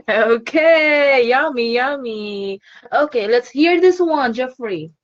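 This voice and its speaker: A woman's voice: a little high, muffled recording. A woman teaching an online phonics lesson to a child, cheerful and encouraging, laughing often.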